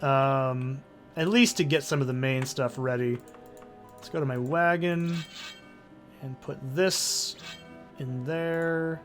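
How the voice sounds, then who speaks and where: Brief: male let's play host, excitable and profane, faint game music behind. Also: mid-range voice, takes it slowly, pauses often. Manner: excitable, swears freely. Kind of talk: casual gameplay commentary.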